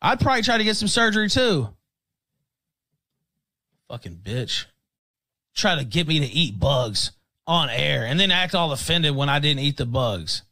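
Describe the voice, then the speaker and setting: A man's voice: fairly high pitch, very animated, measured pace, long pauses, sharp tone, low-quality recording. A man in played clips, ranting furiously and cursing at his targets. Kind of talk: angry rant.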